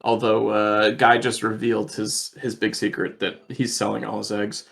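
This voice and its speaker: A man's voice: fairly low pitch, little pitch movement, moderate pace, vocal fry, a bit bright. A man co-hosting a casual podcast, running through the agenda with frequent fillers and restarts. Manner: hesitant, many fillers and restarts. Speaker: podcast co-host presenting the agenda.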